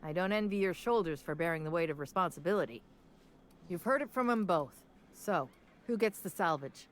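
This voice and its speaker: A woman's voice: fairly low pitch, animated, a little fast, natural voice. A woman voicing a stern, weary tavern keeper. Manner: firm, motherly scolding. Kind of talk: video game voice acting.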